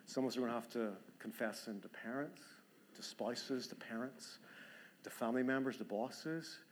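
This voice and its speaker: A male pastor preaches with an earnest, urging delivery. His voice sits at an ordinary middle pitch, neither high nor low. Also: moderate pace, slight background noise. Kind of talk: sermon.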